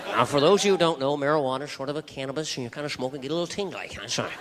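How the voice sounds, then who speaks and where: Animated comedian on a big stage. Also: male voice, medium pitch, very fast. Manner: animated, self-deprecating, jumps into voices. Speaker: stand-up comedian. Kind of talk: stand-up storytelling. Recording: live hall with crowd laughter.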